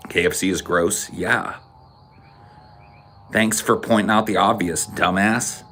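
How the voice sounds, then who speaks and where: A man's voice: low voice, fairly even intonation, takes it slowly, long pauses, sharp tone, slight background noise. A man hosting a podcast, chatting casually and reading comments aloud in a sarcastic, crude way. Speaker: podcast host.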